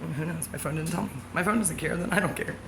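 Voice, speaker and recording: A woman's voice: low-pitched, quick pace. Rambling woman vlogger, noisy background. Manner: free-associating, jumpy, laughs often. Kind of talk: rambling monologue. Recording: background noise.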